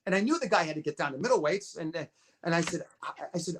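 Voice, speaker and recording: A man in his fifties with a fairly high, expressive voice talks at a quick pace. A bodybuilding promoter appearing as a podcast guest, he tells stories in a casual interview, acting out quotes and repeating words along the way.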